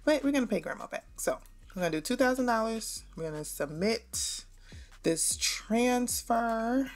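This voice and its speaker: A woman's voice: on the high side, animated, moderate pace, faint music behind. A young adult woman hosting a gaming channel, chatting straight to her viewers as she plays. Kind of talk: casual gameplay commentary.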